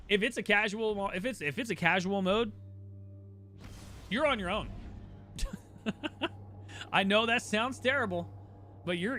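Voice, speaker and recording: Bright high-voiced man streaming a game. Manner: opinionated, rambling, with frequent restarts. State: voice tiring from a long day of talking. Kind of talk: casual livestream chat while gaming.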